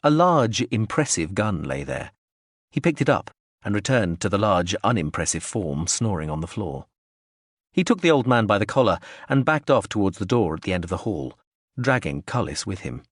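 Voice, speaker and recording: A man narrating a science-fiction audiobook in a measured, expressive storytelling manner. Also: fairly low pitch, no echo, clean studio sound. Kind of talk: scripted narration.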